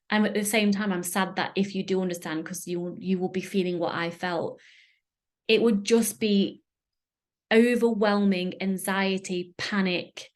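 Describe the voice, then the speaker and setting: A woman with a British accent hosting a solo podcast, talking earnestly and emotionally, often searching for words. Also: medium pitch. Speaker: podcast host. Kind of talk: candid solo podcast talk.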